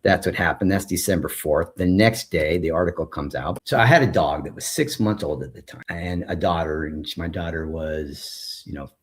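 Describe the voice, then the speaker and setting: A man's voice: sits low, normal speed, few pauses, slightly rough. A man in his forties, a former school principal, recounting his experience in conversational storytelling and acting out the dialogue he describes. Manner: recounts events while acting out quoted dialogue.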